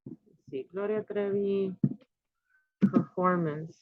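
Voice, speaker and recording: Speaking slowly at a medium pitch with no echo, a woman in her fifties delivers a casual monologue as host of her own channel. She rambles conspiratorially, leaning on filler words, and the home recording sounds dry and a bit dull.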